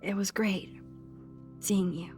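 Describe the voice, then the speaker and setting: A shy teenage girl speaks softly and hesitantly in a game cutscene. Her pitch is ordinary and middling. Clear music runs under her lines. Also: fairly even intonation, slow. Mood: warm. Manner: soft, hesitant.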